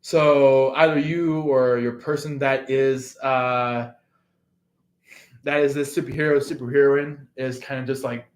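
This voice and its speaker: A man's voice: medium pitch, level tone, a little slow. A man giving a casual tarot reading in a rambling way, with many fillers, and acting out quotes in an echoey room. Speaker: tarot reader.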